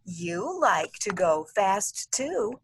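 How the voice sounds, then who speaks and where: Storybook boy, eager and lively, read slowly and clearly in a dry close sound by a woman narrator. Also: mid-range voice, no echo, full character voice. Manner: slow, clearly enunciated storybook reading. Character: young boy eager for fun.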